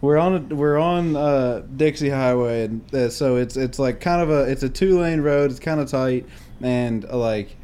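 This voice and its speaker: A man's voice: medium pitch, moderate pace, warm tone, smooth. A man telling a rambling, profane family story in a casual podcast chat, often laughing. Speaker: podcast co-host.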